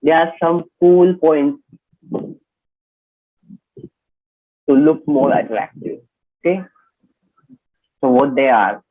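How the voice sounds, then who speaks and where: A man's voice: fairly high pitch, expressive, takes it slowly, long pauses. A man teaching an online personality development class, explaining points and checking in often with the listeners. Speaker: instructor. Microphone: video call. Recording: tinny phone-like online call audio.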